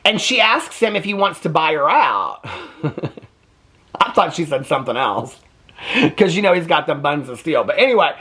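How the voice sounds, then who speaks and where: A man hosting a casual TV recap vlog, sassy, gossipy and profane, in an animated delivery. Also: fairly high pitch, moderate pace, husky. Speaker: host.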